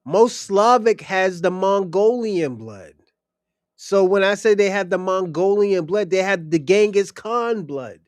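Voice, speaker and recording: Man on a stream, blunt crude rant, high voice, dry close mic. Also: lively intonation, a little slow, no room sound. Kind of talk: profane opinion rant.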